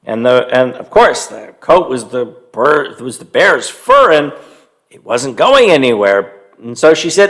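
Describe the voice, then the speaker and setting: A man telling a story to young children, animated and stopping to quiz them and have them join in. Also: medium pitch, unhurried. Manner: animated, quizzes young listeners.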